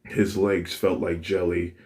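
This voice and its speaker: A man narrating a fan story in a plain, unhurried reading voice. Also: deep voice, flat delivery, darkish tone.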